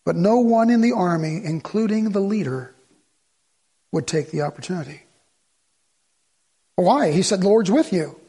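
A man preaching a sermon as the pastor, swinging from loud exhortation to low, earnest asides. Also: expressive, moderate pace, long pauses, slightly rough.

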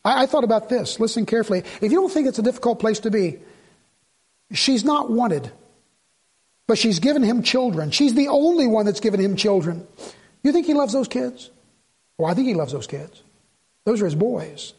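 Man, pastor, middle-aged, conversational sermon, husky voice, high pitch. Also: fairly quick. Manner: conversational preaching, quoting people in lively asides.

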